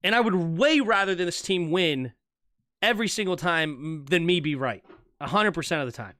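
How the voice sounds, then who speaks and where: Bright, high-voiced fan play-by-play man. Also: dry recording. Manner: animated, fast shifts between calling plays and chatting. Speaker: streamer doing play-by-play. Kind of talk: live fan play-by-play commentary.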